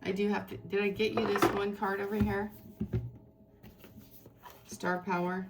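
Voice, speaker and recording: A woman's voice: mid-range voice, little pitch movement, a little slow, heavy background noise. A woman giving a tarot reading to her viewers in an effusive, rambling, spiritual way. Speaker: tarot reader.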